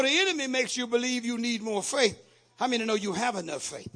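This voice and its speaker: A man preaching a sermon to his congregation, repeating phrases, asking the crowd questions and shouting out lines. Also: very high voice, fairly quick. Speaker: pastor.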